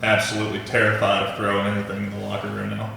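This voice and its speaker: A teenage boy, a high school football player, answering in an easygoing, joking way. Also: monotone, very fast, creaky, over a noisy crowd. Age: teens. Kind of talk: casual interview answer. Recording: echoey hall.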